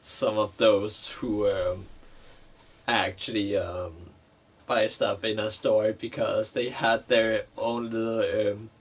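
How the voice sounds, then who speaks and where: A man's voice: on the low side, little pitch movement, takes it slowly, breathy edge. A man vlogger telling a personal story in a casual, rambling way, with many fillers and frequent swearing.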